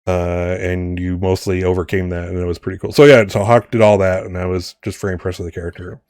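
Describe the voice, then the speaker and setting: A man's voice: deep voice, little pitch movement, fast talker, a little mellow, clean tone, dry recording, studio quality. A man game master in casual chat, rambling with many restarts and some swearing. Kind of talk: casual campaign wrap-up chat.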